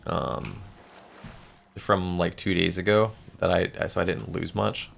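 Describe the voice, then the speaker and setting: A man's voice: sits low, lively intonation, a little slow, vocal fry, soft background music. A male streamer chatting casually while gaming, rambling and swearing casually, with the hiccups. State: has the hiccups.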